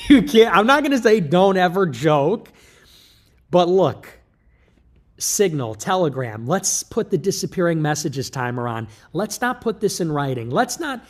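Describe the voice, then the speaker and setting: Rambling man with a slightly high voice. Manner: rambling, self-interrupting, quick asides. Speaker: political streamer. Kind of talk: livestream monologue.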